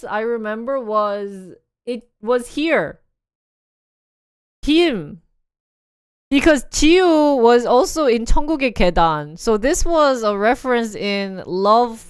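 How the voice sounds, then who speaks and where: A woman's voice: a little high, very animated, normal speed, clean tone, no echo, clean studio sound. A young woman streaming live, chatting casually and laughing often as she acts out scenes in voices. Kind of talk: casual livestream chat.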